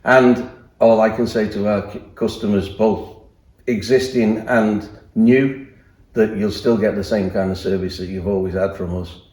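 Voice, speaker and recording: A man's voice: lowish voice, normal speed. Plain-spoken man in an echoey room. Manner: plain, steady, hesitant fillers. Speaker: guest. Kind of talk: casual interview. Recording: roomy echo.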